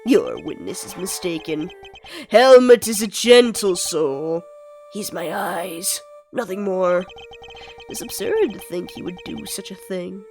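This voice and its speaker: A sick-sounding woman voicing a calm, sinister blind male assassin in a prison cell, speaking with courtly menace over faint music. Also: fairly low pitch, takes it slowly. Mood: doting.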